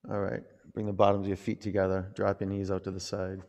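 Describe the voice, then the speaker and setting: A male yoga teacher with a low, gravelly voice calls out poses and drifts into relaxed, rambling stories. His talk has a loose, easy flow. The sound rings out with long reverb, as if in a large hall. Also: fast talker, muffled recording. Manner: relaxed, rambling storytelling between pose cues. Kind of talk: guiding a yoga class with chatty asides.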